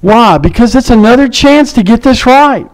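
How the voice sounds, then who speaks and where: High-voiced animated male preacher. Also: moderate pace, rough recording. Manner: animated, acts out quotes in shifting voices. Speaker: pastor. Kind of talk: sermon.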